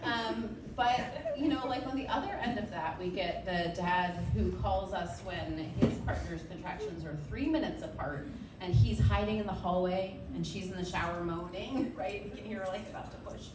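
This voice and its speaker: A woman's voice: medium pitch, normal speed, very noisy. A woman midwife telling funny stories to a live audience, chatty and laughing often, with lots of ums. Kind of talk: stand-up storytelling. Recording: roomy, distant mic, loud ambience.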